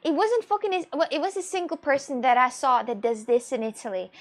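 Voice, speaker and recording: A Russian woman with a high, light voice, whose first language is Russian, chats casually on her stream. She rambles expressively through viewer questions and laughs often. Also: brisk, few pauses.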